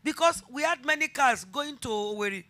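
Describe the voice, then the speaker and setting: A woman's voice: high voice, lively intonation, brisk, sharp tone. A middle-aged Nigerian woman pastor preaching a sermon, telling a personal story and rising to fervent emphasis.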